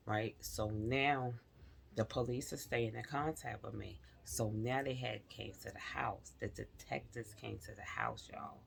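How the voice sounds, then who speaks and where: A woman vlogger telling a personal story in a casual, animated way, talking straight to her viewers and slipping into whispered asides. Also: very deep voice, a little slow, gravelly, a little hiss or hum.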